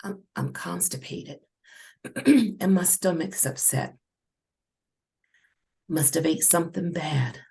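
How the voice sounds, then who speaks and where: A woman's voice: on the low side, slow pace, gravelly, pauses often, slightly rough, heavily acted. Woman doing a tired, caring mother. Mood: weary. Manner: tired and soft.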